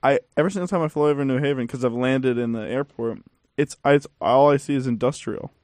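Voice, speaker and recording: A man's voice: mid-range voice, fast talker, darkish tone, no room sound. A young man guesting on a podcast, joking and rambling with restarts. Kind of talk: casual chat.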